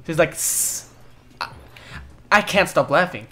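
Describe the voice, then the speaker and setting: A young man casually commentating a co-op platform game, excitable, cursing often and bursting into loud laughter. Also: on the high side, a little fast. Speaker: gaming video host. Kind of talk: casual let's-play commentary.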